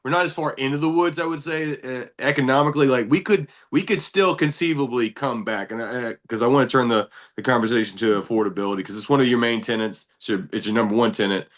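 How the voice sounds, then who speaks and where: A man's voice: medium pitch, fast talker, few pauses. A man co-hosting a casual podcast, talking loosely and steering the conversation with questions. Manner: conversational, rambling, leads questions. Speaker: podcast co-host.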